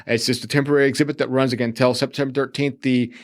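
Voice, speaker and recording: A man's voice: mid-range voice, level tone, fast talker. A man guest on a casual podcast interview, upbeat and rattling through event listings at speed. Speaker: guest, city tourism manager.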